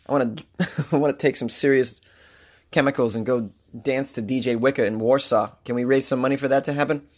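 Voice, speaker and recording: A man from Boston hosting a podcast, excitable and laughing often as he cracks crude jokes. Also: medium pitch, fairly quick. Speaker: podcast host. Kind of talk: casual comedic commentary.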